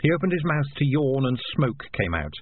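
Man narrating a storybook, husky and lively, tinny phone-line quality. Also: medium pitch, moderate pace. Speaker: audiobook narrator. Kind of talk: scripted narration.

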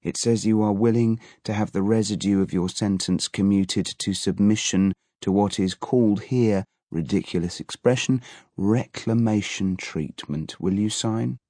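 A man's voice: lowish voice, unhurried, mellow, no echo, clean studio sound. A man voicing a tired, weary male prison governor with a disdainful manner.

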